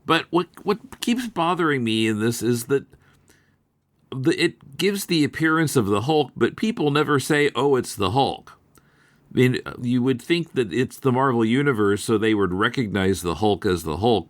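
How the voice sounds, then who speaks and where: A man hosting a podcast in casual chat, who recounts things in a measured, thoughtful way. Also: mid-range voice, lively intonation, no echo. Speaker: podcast host.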